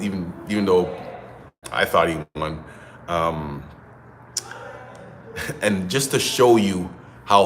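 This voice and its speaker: A man's voice: fairly low pitch, a bit bright, a little hiss or hum. A man hosting casual solo boxing commentary, talking in a conversational, opinionated way and thinking aloud. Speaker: boxing commentator, show host.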